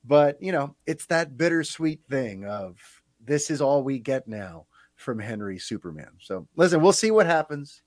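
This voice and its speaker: With a mid-range voice and a moderate pace, a man hosts a podcast in a casual, animated way, filling his talk with plenty of fillers. There's no echo in the recording.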